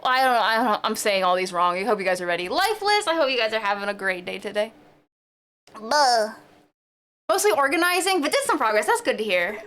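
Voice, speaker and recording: Bubbly high-voiced woman streamer. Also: big pitch swings, fairly quick, a bit bright. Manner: bubbly, playful, squeals at greetings. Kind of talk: casual live-stream chat.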